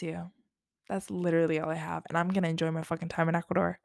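A woman's voice: fairly low pitch, level tone, moderate pace, vocal fry, no echo, clean studio sound. A young woman hosting a spiritual podcast, talking casually and effusively and swearing freely. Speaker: podcast host.

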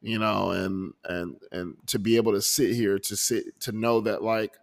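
A man's voice: on the low side, flat delivery, normal speed, creaky. A man hosting his own podcast, talking earnestly and emotionally about his month, often restarting his sentences. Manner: earnest, emotional, many restarts and repeated words. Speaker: podcast host. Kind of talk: reflective personal audio journal. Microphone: desk microphone.

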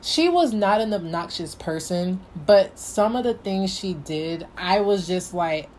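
A young woman telling a casual storytime vlog, animated, acting out what her past self said. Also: on the low side, a little slow, few pauses, a little hiss or hum. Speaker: vlogger.

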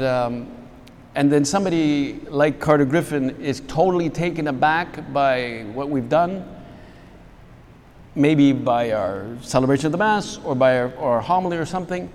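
A man's voice: fairly high pitch, darkish tone, slight background noise. A man, a priest, giving a reflective spiritual talk to fellow priests. He searches for words as he goes and often restarts his phrases. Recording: long hall reverb.

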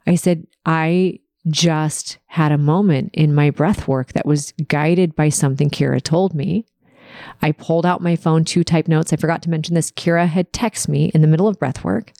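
A woman's voice: sits low, fairly even intonation, normal speed, vocal fry, warm tone, dry recording, studio quality. A woman hosting a podcast, telling an emotional personal story with quoted dialogue. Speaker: podcast host.

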